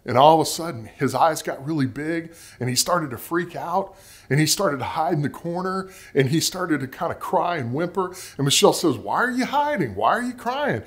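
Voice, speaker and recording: A man in his forties preaching a sermon, telling family stories and ending in prayer, acting out quotes in a higher voice. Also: moderate pace. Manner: storytelling, acts out quotes in a higher voice. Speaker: pastor.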